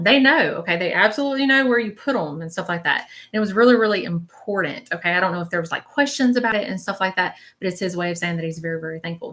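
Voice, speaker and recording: A woman's voice: fairly low pitch, fast talker, hardly any pauses, fairly bright tone. A woman leading a live-stream reading as a spiritual medium, chatty and reassuring, often checking in with her viewers.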